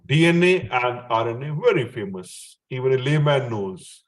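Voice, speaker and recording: An Indian man gives a chemistry lesson at a mid pitch. He explains terms slowly and in steps, and he often stops to check that the student is following. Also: expressive. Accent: Indian English. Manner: checks in with the student often, chuckles at his own remarks. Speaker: chemistry teacher. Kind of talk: explanatory classroom lecture.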